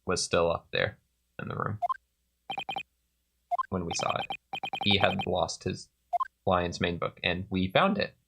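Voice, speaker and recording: A man's voice: deep voice, steady tone, a little slow, vocal fry, pauses often, very noisy. A man co-hosting a let's play, joking through casual commentary and often breaking into laughter. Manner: joking, laughs often, reads game lines aloud. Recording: loud game music under voice. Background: loud game music.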